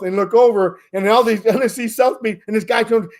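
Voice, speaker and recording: A man's voice: high voice, steady tone, fast talker, hardly any pauses, a little mellow. A man co-hosting a podcast, chatting casually over a video call, telling rambling stories and swearing freely. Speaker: podcast co-host. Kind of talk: casual chat.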